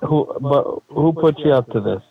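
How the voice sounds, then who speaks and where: A man on a phone call, calm and easygoing as he probes the caller. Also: fairly high pitch, normal speed, breathy edge, no room sound. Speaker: prank call target. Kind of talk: phone conversation. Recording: tinny phone line.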